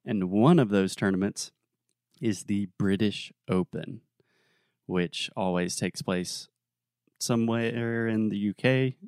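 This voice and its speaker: A young adult man co-hosting a podcast, telling a story in a relaxed, casual way with plenty of fillers. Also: on the low side, slow, clear, resonant tone, dry recording, studio quality. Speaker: podcast co-host.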